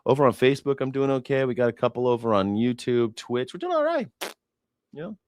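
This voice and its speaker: A man's voice: medium pitch, sing-song, brisk, a little mellow, dry recording. American man, livestream news host, sarcastic, swears a lot, dry close sound. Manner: profane, sarcastic, laughs often. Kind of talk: casual livestream commentary.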